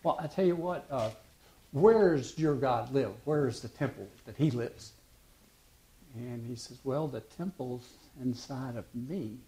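Male preacher, warm mellow voice, storytelling sermon, halting restarts, voices the dialogue. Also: mid-range voice.

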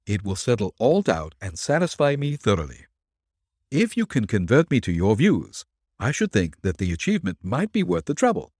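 A man voicing a tactful, confident detective who speaks in a measured, persuasive way. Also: fairly low pitch, wildly swooping pitch, darkish tone, no room sound, studio quality.

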